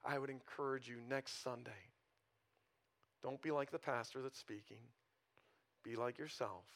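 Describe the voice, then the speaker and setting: A man's voice: medium pitch, moderate pace, a bit bright. A male pastor preaching a conversational sermon in a church, often asking the congregation rhetorical questions.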